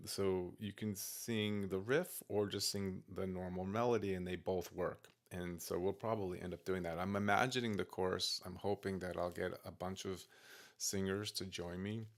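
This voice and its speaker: A man working through takes of his own song on a studio microphone, talking himself through each attempt in soft, self-critical asides. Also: low voice, fairly even intonation, normal speed. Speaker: singer-songwriter teaching vocal practice. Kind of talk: casual talk-through of his own practice session. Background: guitar playing.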